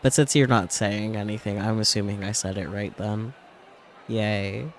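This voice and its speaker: With game music playing under his voice and a little background noise, a man streams himself reading a visual novel's narration. He breaks off now and then for relaxed comments, speaking at a moderate pace in a lowish, steady tone.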